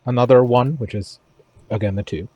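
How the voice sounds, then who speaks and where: A man playing a tabletop game, announcing his turn in brief, low-key phrases. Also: normal speed, no echo, lo-fi sound. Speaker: player. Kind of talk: tabletop role-play chat.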